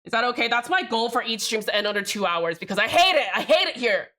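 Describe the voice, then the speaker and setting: Young woman streamer rambling to chat, bright voice a bit on the high side, swears a lot. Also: animated, quick pace. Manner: chatty, rambling, swears freely, addresses chat directly. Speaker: livestreamer. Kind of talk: casual stream chat while building a keyboard.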